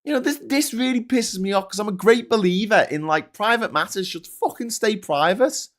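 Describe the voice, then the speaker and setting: A man's voice: lively intonation, normal speed, fairly bright tone. A man hosting a casual monologue, swearing a lot as he rants. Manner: sweary, ranting, mimics in high squeals. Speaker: host.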